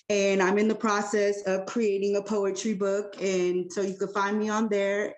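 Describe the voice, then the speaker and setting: Woman doing spoken word at an open mic, fiery rhythmic delivery, echoey room sound. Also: mid-range voice. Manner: impassioned, rhythmic, heavy alliteration. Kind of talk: spoken word poetry performance.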